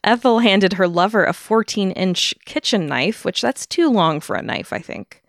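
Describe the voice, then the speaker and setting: A woman's voice: medium pitch, lively intonation, normal speed, dry recording, studio quality. A woman co-hosting a podcast, telling a true-crime history in a casual way and laughing often between the facts. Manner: laughs often while narrating. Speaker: podcast co-host telling the story.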